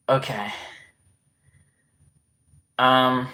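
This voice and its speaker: Young male streamer, loose and rambly, regional accent, swears easy, mid-pitched. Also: bright, forceful tone. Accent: regional dialect, place unstated. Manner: rambling, filler-heavy, swears casually. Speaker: livestream host. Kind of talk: casual live-stream chat.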